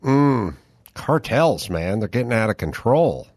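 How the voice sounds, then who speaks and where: A man's voice: medium pitch, sing-song, measured pace, darkish tone, dry recording, studio quality. A man hosting a podcast in a casual, wry way, talking in short offhand fragments. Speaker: podcast host.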